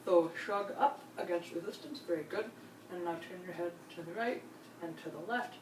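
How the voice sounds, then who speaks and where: A woman with a fairly low voice calmly guides a patient through a clinical exam, one step at a time. She is recorded from a distance in a roomy space with faint hiss behind her. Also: moderate pace. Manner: calm, step-by-step instructions with frequent reassurance. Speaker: nurse examiner. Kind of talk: clinical demonstration.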